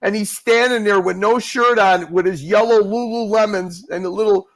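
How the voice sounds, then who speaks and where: A man's voice: sits high, fairly even intonation, moderate pace, a bit bright, low-quality recording. A man chatting casually on a livestream panel, teasing the others and laughing a lot. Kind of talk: casual chat.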